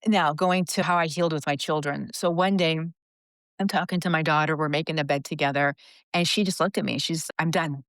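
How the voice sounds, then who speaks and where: A woman's voice: low-pitched, a little fast, no echo. A woman in her fifties, a podcast guest, candidly and earnestly telling a personal story. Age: 50s. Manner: earnest, confessional, animated retelling.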